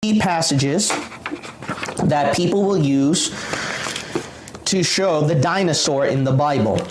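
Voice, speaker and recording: A man preaching and explaining scripture with insistent emphasis, his voice a bit high for a man. The recording echoes around the room and has background noise under it. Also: takes it slowly. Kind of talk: Bible teaching lecture.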